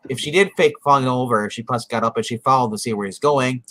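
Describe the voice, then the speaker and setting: A man's voice: medium pitch, quick pace, fairly bright tone, rough recording. A man co-hosting a casual podcast, rambling as he retells TV scenes with lots of quoted asides. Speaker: podcast co-host. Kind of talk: casual recap chat.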